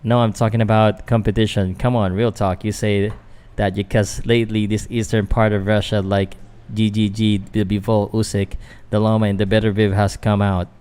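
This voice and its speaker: A man's voice: fairly low pitch, flat delivery, normal speed, a little mellow, smooth. A Filipino man, a boxing vlogger doing casual live fight commentary, chatting loosely to viewers with fillers and restarts. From Philippines.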